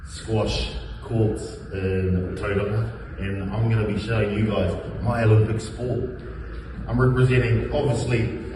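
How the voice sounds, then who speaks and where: A man with a New Zealand accent speaking upbeat and playfully boastful, recorded in an indoor squash court. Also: on the low side. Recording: echoey court from far off, noisy.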